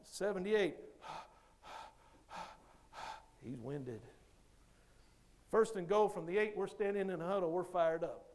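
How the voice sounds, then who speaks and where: A man giving a motivational speech, telling a story with lively delivery and acting out the other people's lines. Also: high-pitched, a little fast, few pauses. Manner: animated storyteller who acts out others' lines. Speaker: motivational speaker.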